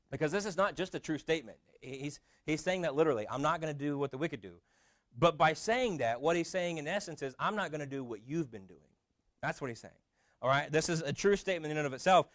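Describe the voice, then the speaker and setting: A man's voice: on the high side, dry recording. A man preaching a sermon as pastor in a conversational way, often restarting with fillers.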